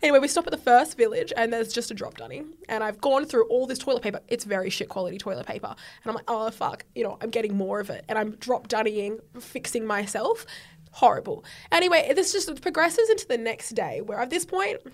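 A high-pitched young woman chats as a podcast guest. She tells her story in a lively, animated way and acts out the quoted dialogue with sudden loud bursts. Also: fairly quick. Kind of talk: casual chat, storytelling.

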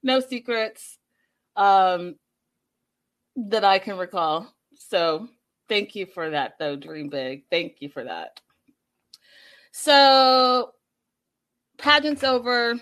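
Talking directly to her audience, a woman in her thirties chats casually and animatedly through a reality show recap. She speaks slowly, at a medium pitch.

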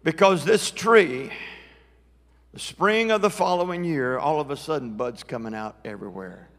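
A middle-aged male preacher with a slightly high, gravelly voice, delivering a live sermon in emphatic bursts. His words ring out with the long reverb of a church sanctuary. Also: moderate pace. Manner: rising, emphatic preaching that climbs louder as he builds. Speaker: guest preacher.

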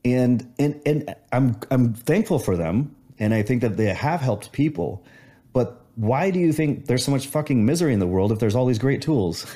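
A man's voice: mid-range voice, lively intonation, moderate pace, warm tone. A man in casual conversation, reflecting on gratitude and telling a story with many restarts.

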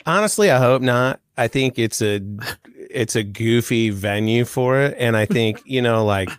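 A man co-hosting a podcast, chatting in a relaxed, easygoing way. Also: medium pitch, moderate pace, smooth, no room sound, clean studio sound. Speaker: podcast co-host. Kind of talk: casual chat.

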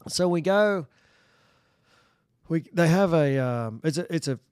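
A man's voice: a little high, lively intonation, slow pace, a little mellow, clean tone, no echo, clean studio sound. A man from Australia with an Australian accent, a podcast guest rambling through anecdotes with false starts and chuckles. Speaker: podcast guest, retired bull rider. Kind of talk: casual storytelling.

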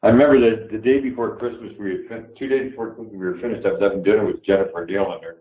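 A man's voice: lowish voice, steady tone, racing, echoey room, narrow, tinny audio. An older man from Canada with a Canadian accent, a guest telling candid, profane stories and acting out the dialogue. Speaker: guest actor. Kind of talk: casual interview storytelling.

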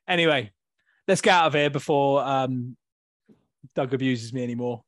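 A man's voice: medium pitch, moderate pace, no room sound, studio quality. A man hosting a casual podcast banter session over a video call, rambling and laughing often. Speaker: podcast host.

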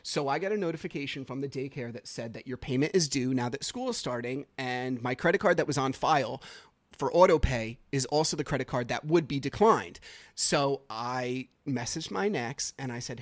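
A man's voice: mid-range voice, expressive, normal speed, no echo. Man talking in a dry rambling podcast voice. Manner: rambling, conversational, many fillers and restarts. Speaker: podcast host. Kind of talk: casual personal storytelling.

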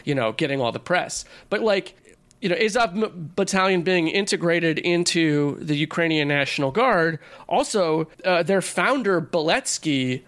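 A man's voice: fairly high pitch, expressive, normal speed, fairly bright tone. A man co-hosting a podcast, chatting casually and animatedly with lots of filler words. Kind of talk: casual political chat.

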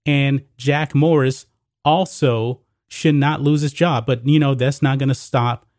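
A man's voice: medium pitch, fairly even intonation, unhurried, a little mellow, no room sound. A man gives casual sports commentary straight to his audience in a mid-range voice. He keeps calling his listeners guys and folks as he talks. The sound is dry and close, with no room around it. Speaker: sports commentary channel host. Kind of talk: casual opinion commentary to camera.

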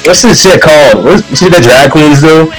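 A man co-hosting a casual podcast chat, riffing loosely and swearing freely, with bursts of excitement. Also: on the high side, normal speed, faint music behind, poor audio. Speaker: podcast co-host.

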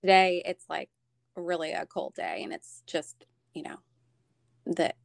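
A woman with a lowish voice and a gravelly edge talks in relaxed, chatty fashion, often restarting her sentences. The sound is dry and close, with no room around it. She tells family stories in a warm, rambling way. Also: a little slow, no echo. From Florida. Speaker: guest. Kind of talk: casual chat. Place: Northern Virginia.

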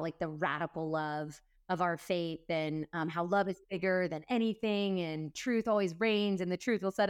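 A woman's voice: lowish voice, clean tone, dry recording, studio quality. A woman guest in a conversation, telling a personal story earnestly, with a rush of quoted dialogue.

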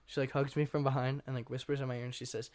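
A young man, a guest on an interview show, telling his story in a rambling, casual way, full of fillers and frequent throat clearing. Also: mid-range voice, level tone, rapid-fire, darkish tone. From Washington state. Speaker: guest artist.

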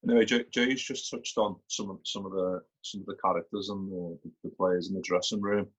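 A man hosting a podcast, asking eager questions quickly with many restarts. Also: sits low, steady tone, slightly rough, poor audio. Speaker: podcast host. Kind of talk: casual podcast interview.

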